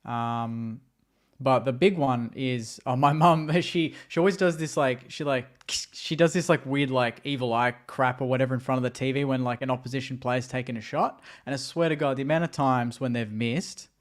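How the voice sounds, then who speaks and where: A man's voice: medium pitch, steady tone, normal speed. A man with a mid-range voice talks as a guest on a casual podcast. He is earnest and chatty, scattering "like" through his sentences. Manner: chatty, lots of "like" fillers, earnest. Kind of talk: casual chat.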